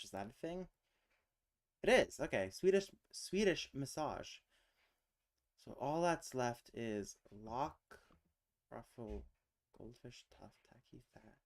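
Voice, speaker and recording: A man's voice: medium pitch, lively intonation, measured pace, long pauses, darkish tone. A man streaming alone, thinking aloud as he works through a word puzzle, muttering and trailing off into questions to himself. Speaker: streamer hosting a casual language chat.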